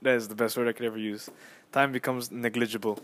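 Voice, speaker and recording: A young man hosting a casual solo podcast on his phone, rambling and excitable as he tells a story with lots of fillers and restarts. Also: medium pitch, fast, slight background noise. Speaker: podcast host.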